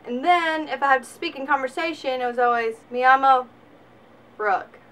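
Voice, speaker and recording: A young woman in her twenties from Alabama with a Southern US accent, giving a sarcastic, animated comedic vlog monologue. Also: high voice, quick pace. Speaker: vlogger.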